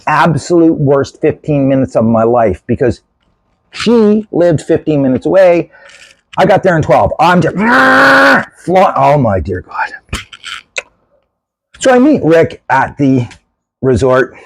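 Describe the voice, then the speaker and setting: A man in casual storytelling mode as host of his own video channel, animated and self-mocking, and sick with a lung infection. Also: a little high, measured pace, pauses often, no room sound, poor audio. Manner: animated, self-mocking, gestures while telling.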